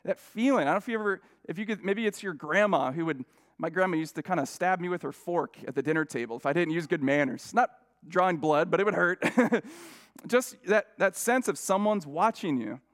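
A man with a fairly high voice preaches as a guest speaker. He talks casually and personally, restarting sentences and dropping in self-deprecating asides as he tells stories to a congregation. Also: expressive, a little fast. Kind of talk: conversational sermon.

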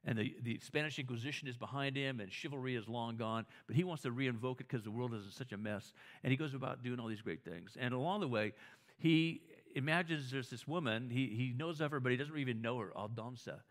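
A man's voice: mid-range voice, fairly quick. A man preaching a conversational sermon, telling stories, often restarting his words and asking the audience whether they agree. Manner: storytelling, asks the audience for agreement; frequent restarts and repeated words.

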